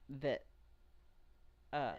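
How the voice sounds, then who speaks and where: A game master running an online tabletop game, describing scenes in a rambling, hesitant way with many pauses and fillers. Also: dull audio.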